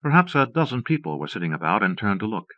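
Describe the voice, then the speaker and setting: Low-voiced man reading an old audiobook. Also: very animated, fast talker, sharp tone, no room sound. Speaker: audiobook narrator. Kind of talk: audiobook narration. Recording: dull dry cassette audiobook.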